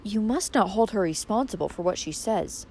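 A stern older aunt passing judgment in a hushed, grave voice, as a woman reads her in an audiobook. She speaks slowly and solemnly. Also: medium pitch, expressive, slight background noise, lightly acted. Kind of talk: audiobook character reading.

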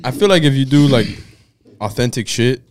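A man's voice: medium pitch, animated, normal speed. A young man in casual podcast chat, retelling pranks and acting out the people in them. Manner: retells scenes by acting out quoted voices.

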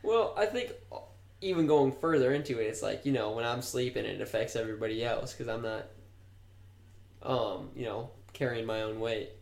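A man's voice: mid-range voice, moderate pace, gravelly, a little mellow. A young man co-hosting a podcast, telling rambling, profane stories and laughing at them. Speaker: podcast co-host. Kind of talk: casual chat, storytelling. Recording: roomy echo.

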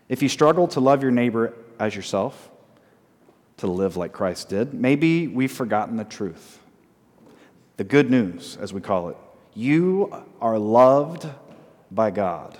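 A man preaching a sermon as pastor, often asking the congregation questions and repeating short phrases slowly for emphasis. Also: lowish voice, a little mellow, big-room sound. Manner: asks the congregation frequent call-and-response questions.

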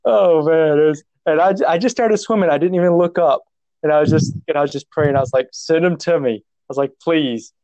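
A man's voice: fairly high pitch, fairly quick, darkish tone, dry recording. A man telling a personal story in casual conversation, rambling and self-mocking, restarting his sentences and laughing at himself.

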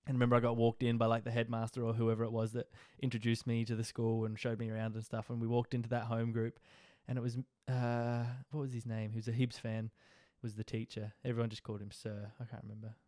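Laid-back young Australian man, smooth voice. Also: medium pitch, completely flat delivery, fast, hardly any pauses, darkish tone, no echo, clean studio sound. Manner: rambling, laid-back, frequent fillers and laughs. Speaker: podcast host. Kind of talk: casual life-story monologue.

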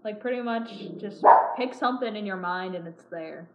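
A woman's voice: medium pitch, normal speed, dull audio, slight background noise. A young woman from New York co-hosting a vlog, telling stories in a casual, bubbly, giggly way. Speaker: vlog co-host. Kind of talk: casual chat. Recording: echoey room with crowd chatter.

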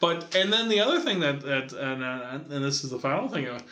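Lively, bright-voiced man telling stories. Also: medium pitch, fairly quick, roomy sound. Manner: animated, laughing, acts out family voices. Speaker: podcast co-host. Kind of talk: casual storytelling chat.

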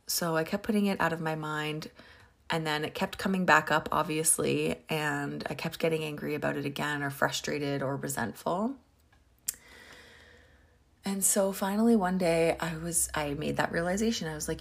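A woman's voice: low-pitched, normal speed, vocal fry. A woman from Canada chatting casually through a personal story, acting out her own thoughts. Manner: chatty, lots of fillers and acted-out inner thoughts.

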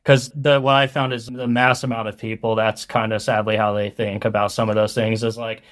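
A young man from Colorado talks casually about his business as an interview guest. His delivery is flat and even, with little rise and fall, and he rambles loosely, leaning on fillers as he thinks aloud. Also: fairly low pitch, a little fast. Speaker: food truck owner, guest.

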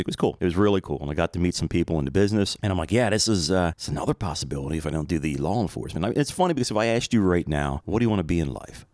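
A man's voice: low voice, a little mellow, no echo, clean studio sound. A middle-aged man, telling a personal story as a podcast host in a conversational, reflective way with rambling asides. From Philadelphia area, USA.

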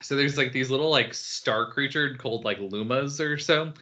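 Laid back guy telling stories on a podcast, lots of ums, bright voice, bit dull sound. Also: medium pitch, moderate pace. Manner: relaxed storytelling, frequent "like" and "um". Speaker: podcast co-host. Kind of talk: casual chat.

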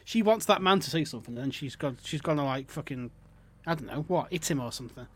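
A man's voice: on the high side, animated, quick pace, breathy edge. A man hosting a podcast, ranting and swearing in casual mocking chat. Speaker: podcast host.

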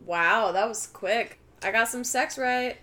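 Woman chiming in with quick reactions. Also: a little high, sharp tone. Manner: reacting with short interjections. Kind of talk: casual chat.

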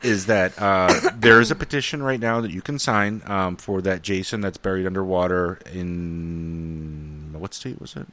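A man from Minnesota with a very deep voice, co-hosting a loose, casual podcast. He rambles and swears freely, laughs often and fills his sentences with "uh" and "um". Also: steady tone, measured pace, pushed and bright. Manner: rambling and profane, laughs often, frequent fillers. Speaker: podcast co-host. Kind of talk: casual chat.

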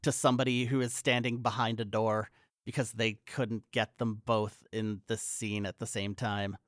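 Male co-host, halting and wry, recorded dry and close. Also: lowish voice, little pitch movement, no echo. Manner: halting, stammering, amused. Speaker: podcast co-host. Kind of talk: casual movie-recap chat.

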